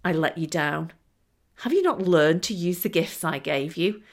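Woman reading as a calm steady god figure, measured and lowish. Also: heavily acted. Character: calm, steady male deity.

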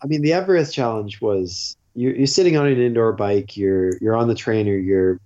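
A man's voice: lowish voice, normal speed, warm tone, muffled recording. A man guest telling a long story in a casual, rambling way, full of fillers. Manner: rambling, filler-heavy with frequent "like".

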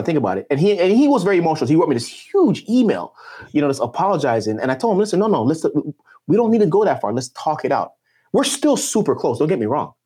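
A man's voice: mid-range voice, a little mellow, husky. A man speaking as a podcast guest, telling a personal story in an emotional, emphatic way. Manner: passionate and emphatic, with swinging intonation.

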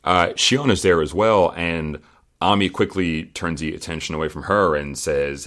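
A man with a very deep voice hosts a casual podcast. He talks in a loose, chatty way, laughing often and dropping the odd swear word. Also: fairly even intonation, normal speed, a bit bright. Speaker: podcast host recapping a reality show. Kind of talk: casual chat.

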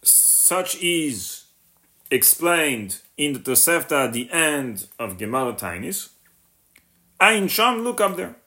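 Man teaching a text, pitch jumping up. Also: sing-song, takes it slowly, sharp tone. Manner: mixes Hebrew and Yiddish terms into English, translating each as he goes; rises sharply in pitch when voicing the questions. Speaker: rabbi teaching a class. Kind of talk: Torah lesson on a text.

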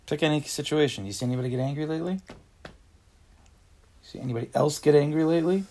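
A man's voice: fairly high pitch, quick pace, mellow. A man giving a casual Torah class, reading a text and explaining it, acting out angry everyday voices and asking the class questions. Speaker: Torah teacher.

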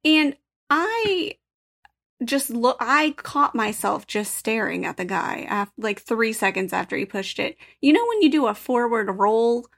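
High-voiced chatty young woman. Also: big pitch swings, measured pace, creaky, fairly bright tone. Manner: chatty, laughing storyteller. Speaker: podcast co-host. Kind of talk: casual chat.

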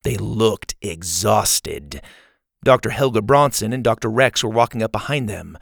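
A man narrating a children's storybook in a lively, expressive way. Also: on the low side, measured pace, gravelly, no room sound, clean studio sound. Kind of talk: storybook read-aloud narration.

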